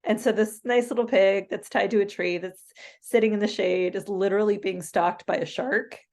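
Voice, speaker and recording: A woman's voice: medium pitch, normal speed. Chatty woman telling a story, laughing. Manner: animated, laughs mid-story, many fillers. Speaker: podcast co-host. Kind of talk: casual storytelling.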